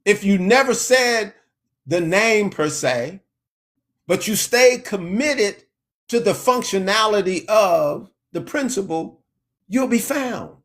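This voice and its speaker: A man preaching a sermon in a slow, emphatic way, lifting his voice when he quotes scripture. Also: high voice, expressive, fairly bright tone.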